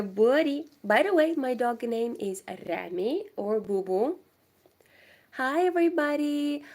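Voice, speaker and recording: A young woman with a cold, chatting casually with viewers of her crochet livestream from home. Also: mid-range voice. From Moldova. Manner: chatty, distracted, greets viewers. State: has a cold. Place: home indoors.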